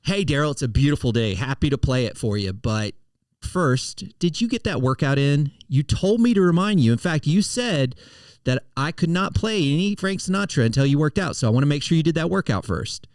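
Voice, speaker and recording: A man's voice: on the high side, sing-song, brisk, dry recording. A man voicing a friendly, chatty AI voice assistant of the future that cheerfully reminds its user about a workout.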